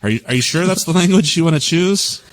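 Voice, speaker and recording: A man in casual podcast chat, rambling and profane, with sudden loud bursts of emphasis. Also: on the high side, expressive, fast talker, no room sound.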